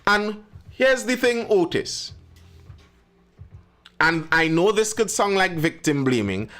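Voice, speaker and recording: A man's voice: a little high, fairly bright tone. Emphatic man hosting live. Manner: emphatic, talks to chat by name. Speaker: live show host. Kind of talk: live stream commentary.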